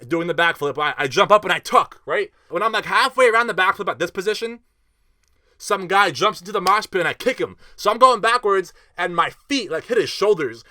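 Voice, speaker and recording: A young man telling a festival story in a casual vlog, animated and slangy, with lots of fillers and swearing. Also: a little high, dry recording, studio quality.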